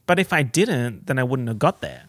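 A young man telling an excited story in a vlog, gushing and swearing, his pitch jumping up for emphasis. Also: moderate pace, no room sound. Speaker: content creator.

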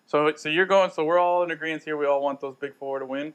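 Casting: young male radio co-host, quick and rambling, slightly high voice, studio banter. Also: smooth. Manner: excitable, rambling, swears freely. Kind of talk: casual sports banter.

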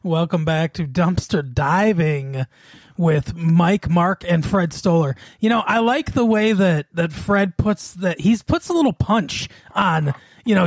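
High-voiced man hosting a comedy podcast. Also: lively intonation, a little slow, dry recording. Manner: laughs often, quizzes his co-host. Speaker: podcast co-host. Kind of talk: casual comedy podcast chat.

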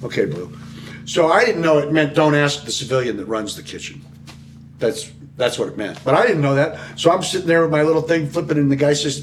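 A man's voice: fairly high pitch, fairly quick, slight background noise. A middle-aged man from the United States telling prison stories in an interview, swearing freely and acting out the voices in his quotes. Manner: profane animated storyteller, acts out quotes, laughs often. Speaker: podcast guest. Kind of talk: storytelling interview.

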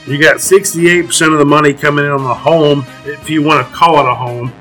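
A man's voice: a little high, fairly even intonation, a little fast, bright, forceful tone, faint music behind, poor audio. A man co-hosting a casual football betting chat, stating percentages and making emphatic picks. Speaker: podcast co-host.

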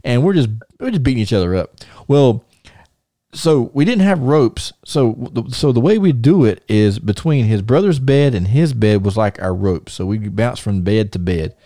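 Host, man. mellow tone, dry sound. chatty rambler. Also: mid-range voice, moderate pace, dry recording. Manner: rambling, many restarts and fillers, animated. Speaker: podcast host. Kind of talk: casual storytelling and show segment intro.

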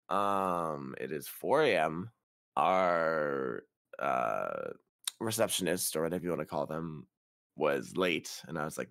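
A man's voice: extremely low pitch, expressive, takes it slowly, gravelly, a bit bright, no echo, studio quality. A young man hosting a podcast, telling a travel story in casual, profane, exasperated chat. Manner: profane, exasperated retelling with quoted dialogue. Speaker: podcast host.

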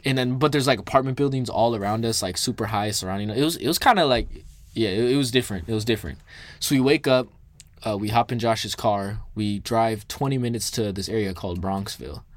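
A man's voice: on the low side, a little fast, dry recording. A young man in his twenties telling a true story in a casual, slangy way, swearing often and acting out the voices of people he quotes.

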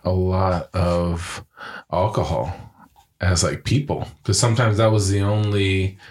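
A man co-hosting a podcast in casual chat, joking and quick to chime in. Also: low-pitched, fairly even intonation, darkish tone. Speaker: podcast co-host.

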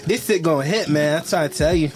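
A man's voice: a little high, quick pace, very noisy. A young man co-hosting a podcast, joking loosely and slipping into impressions. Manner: joking, animated, does impressions. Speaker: podcast co-host. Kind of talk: casual banter.

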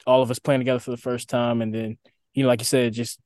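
Relaxed young man, rambling answers. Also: mid-range voice, fast, no room sound. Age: young adult. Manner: relaxed, rambling, lots of fillers. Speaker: band member, guest. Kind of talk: casual interview answers.

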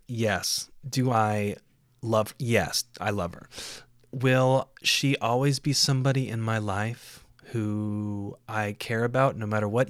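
A man's voice: fairly low pitch, a bit bright, no room sound, studio quality. A man hosting his own podcast in a casual solo monologue, rambling and joking with lots of swearing. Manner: profane, rambling, jokey. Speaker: podcast host.

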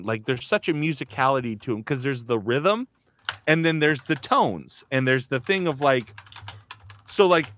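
A man's voice: on the high side, fairly bright tone. A man hosting a casual chat, rambling with constant fillers and restarts. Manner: rambling, heavy use of "like", restarts. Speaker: host, voice actor.

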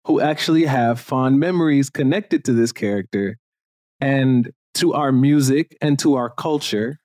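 A man's voice: medium pitch, measured pace, dry recording. Man from Jamaica, dry close sound. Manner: animated and opinionated, with frequent fillers. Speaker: podcast host. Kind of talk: casual chat.

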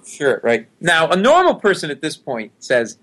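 Animated middle-aged male storyteller. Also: a little high, moderate pace. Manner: animated storyteller who acts out the people in his stories. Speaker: guest. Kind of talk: casual interview storytelling.

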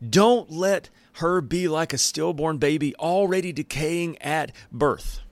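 A man voicing a panicky, whiny grown man who pleads in a high, frantic voice. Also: slow, no echo. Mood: pleading.

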